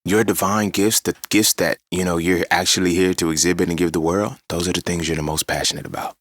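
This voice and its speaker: A man hosting a casual monologue, animated and profane as he tells his own story. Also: deep voice, a little fast. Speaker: podcast host.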